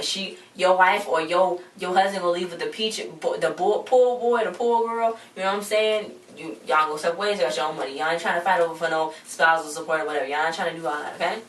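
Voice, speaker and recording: Young woman, casual vlog recap, rambling and slangy, quick talker, echoey room, mic at a distance. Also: on the low side, a bit bright, a little hiss or hum. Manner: rambling, slangy, retells scenes by quoting characters. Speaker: vlogger reviewing a TV episode.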